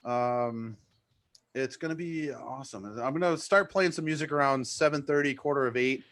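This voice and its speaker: Male DJ, New England accent, eager rambling talker, casual chat. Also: medium pitch. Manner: excited, fast and rambling. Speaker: DJ promoting his live mix show.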